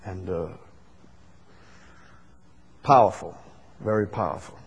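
A man preaching a Bible study sermon. He builds to loud, emphatic repetition and then drops back to quiet explaining. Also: sits low, takes it slowly, breathy edge.

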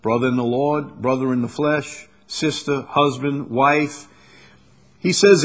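A man preaching an expository sermon, reading scripture slowly and deliberately, then booming for emphasis and dropping low. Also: breathy edge. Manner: reads verses slowly and deliberately. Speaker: pastor.

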